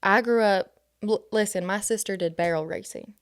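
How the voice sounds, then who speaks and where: A woman's voice: mid-range voice, normal speed. Bubbly woman podcast co-host. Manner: bubbly, laughs easily, enthusiastic. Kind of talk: casual podcast chat.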